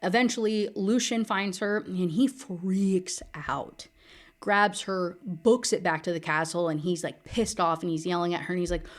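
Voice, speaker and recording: A woman's voice: on the low side, moderate pace. A woman giving a casual, sarcastic book recap, full of fillers. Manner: chatty, filler-heavy, sarcastic. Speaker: book reviewer.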